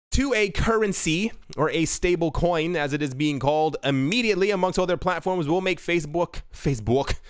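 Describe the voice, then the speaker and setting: A man's voice: a little high, clear, resonant tone, no room sound, clean studio sound. A man hosting a crypto news show, reading out articles and adding rambling, self-correcting asides.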